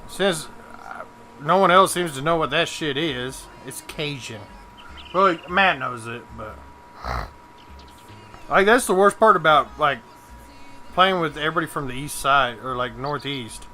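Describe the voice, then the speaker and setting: A man's voice: fairly high pitch, measured pace, long pauses, pushed and bright, slight background noise. A young man chatting casually while live-streaming a game, swearing and joking as he mocks other people. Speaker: gaming streamer. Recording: game music in the background.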